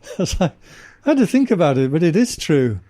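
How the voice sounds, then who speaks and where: Monk guest from England, man, wry anecdotal talker, mellow and dry. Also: a little high, a little fast, dry recording. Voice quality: dry humor, animated anecdotes with laughs. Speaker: podcast guest, ordained monk. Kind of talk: casual storytelling conversation.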